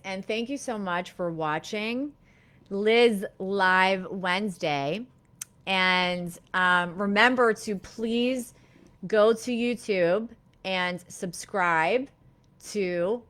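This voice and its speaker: This live-streamed talk is hosted by a middle-aged woman who works as a therapist, her voice sitting in the mid-range. She's gentle and reflective, often using fillers and restarting her sentences.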